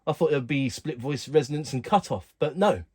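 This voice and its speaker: A man casually walking through keyboard functions in a relaxed, plain way, talking while he presses buttons. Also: a little high, a little fast, breathy edge. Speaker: keyboard tutorial host. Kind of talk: casual instructional walkthrough.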